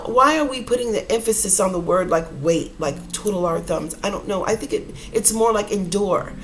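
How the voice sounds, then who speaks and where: A woman's voice: mid-range voice, slight background noise, rough recording. A woman hosting an inspirational podcast, talking casually and earnestly in a rambling way, calling her listeners y'all. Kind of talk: casual motivational talk.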